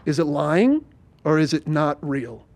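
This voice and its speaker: A man's voice: on the high side, big pitch swings, a little slow, a little mellow, pitched below the performer's own voice. A man playing a miserable, down-on-his-luck male ex-fighter who talks bluntly. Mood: glum.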